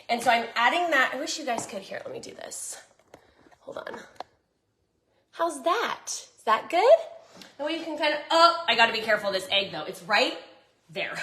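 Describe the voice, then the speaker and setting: In an echoing, reverberant kitchen, a bubbly Southern woman vlogger talks casually to her viewers as she cooks. Her voice is high, bright, and forceful.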